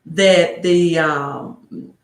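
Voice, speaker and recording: A woman's voice: low voice, steady tone, very slow. A woman hosting a casual livestream about money, rambling, greeting viewers by name and asking rhetorical questions. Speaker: livestream host giving financial advice. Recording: roomy echo.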